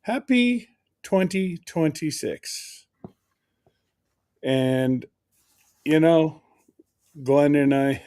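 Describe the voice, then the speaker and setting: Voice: medium pitch, a little mellow. A livestream host chatting casually, rambling and laughing often while greeting viewers by name.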